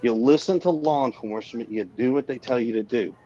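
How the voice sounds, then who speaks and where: A man, a parent of a missing child, answering interview questions in a measured, defensive way with emphatic yeses. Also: mid-range voice, warm tone, highs cut off, a little hiss or hum.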